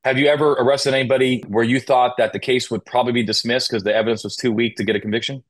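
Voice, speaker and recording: Man, mid pitch, emphatic legal trainer on an interview podcast, asks rhetorical questions. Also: fairly even intonation, fast talker. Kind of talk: conversational interview. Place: Las Vegas.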